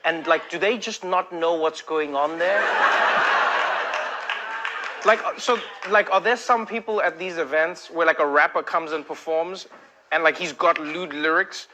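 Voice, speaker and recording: Comedian type, man, high pitched, loose and laughing, heard through a noisy clip. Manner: laughs often, animated, slips into quick impressions. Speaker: comedian in a backstage interview. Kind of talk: casual storytelling.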